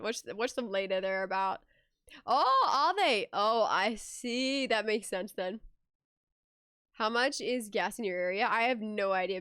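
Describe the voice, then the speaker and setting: A woman's voice: medium pitch, a bit bright, no room sound, clean studio sound. A young woman streamer chatting casually with her viewers, giggly and talkative, reading messages aloud.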